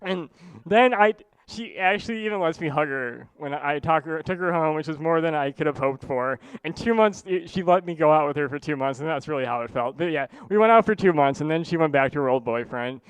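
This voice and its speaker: Rambling male storyteller, smooth dry voice. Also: fairly high pitch, animated, fairly quick, no echo. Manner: casual, rambling, heavy use of "like". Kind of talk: live personal storytelling.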